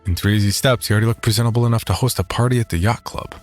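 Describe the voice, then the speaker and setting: A man narrating a horror audio drama in first person, wry and deadpan. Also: on the low side, racing, faint music behind.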